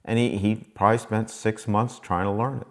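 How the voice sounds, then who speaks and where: A man's voice: on the low side, fairly even intonation, normal speed. A man casually telling a motivational story in a rambling, folksy way that repeats itself. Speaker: vlogger.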